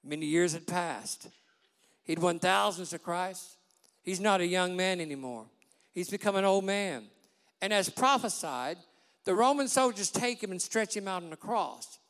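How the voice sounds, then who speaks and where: Impassioned high-voiced preacher in a hall. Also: male voice, expressive, a little slow. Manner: impassioned, drops to a hush for quoted words. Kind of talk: sermon with acted quotes. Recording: long hall reverb.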